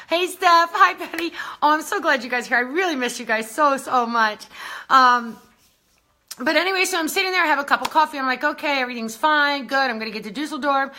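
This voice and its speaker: A woman's voice: high voice, pushed and bright. A woman hosting a casual live stream, a little out of breath, chatting and laughing as she greets viewers by name. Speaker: beauty brand founder hosting a live stream.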